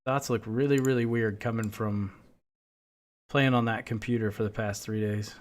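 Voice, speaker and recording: A man's voice: on the low side, steady tone, normal speed. A man streaming a game, chatting casually and telling rambling stories full of profanity. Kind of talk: casual chat while playing.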